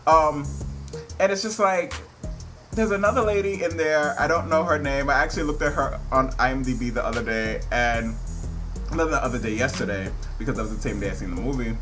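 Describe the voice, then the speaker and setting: A man's voice: mid-range voice, brisk, music in the background. A man giving a casual, rambling review, laughing often and swearing freely. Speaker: film reviewer.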